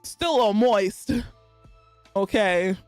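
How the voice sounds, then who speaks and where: A woman's voice: mid-range voice, lively intonation, slow pace, a little mellow, dry recording, soft background music. A woman with a Texan accent and a slight lisp, chatting casually on a live stream and laughing often as she answers her chat.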